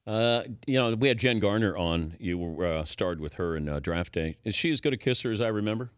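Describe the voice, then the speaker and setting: A man's voice: on the low side, animated, fairly quick, clean tone, dry recording. A man hosting a radio talk show, asking teasing, joking questions of his guest. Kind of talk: casual radio interview.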